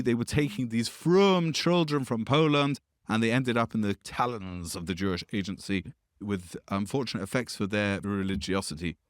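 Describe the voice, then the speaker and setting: Low-voiced man giving discursive history commentary. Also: dry recording, studio quality. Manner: discursive, self-correcting asides. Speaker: podcast host.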